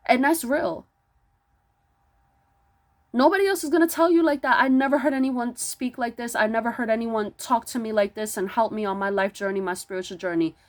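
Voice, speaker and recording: A woman delivering an impassioned spiritual monologue, preachy and emphatic, stumbling over restarts and pushing into near-yelling rhetorical questions. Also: on the high side. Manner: stammering restarts. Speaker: spiritual vlogger.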